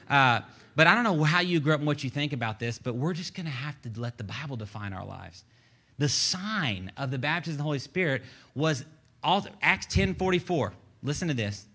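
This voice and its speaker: A man's voice: medium pitch, a bit bright. A man preaching a sermon as pastor, folksy and conversational, with rising bursts of emphasis. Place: church sanctuary.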